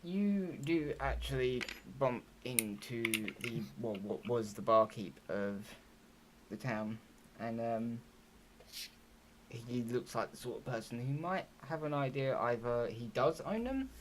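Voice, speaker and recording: Man, game master, tabletop narration, halting with fillers, faint background hiss. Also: mid-range voice, animated. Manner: hesitant, filler-heavy narration.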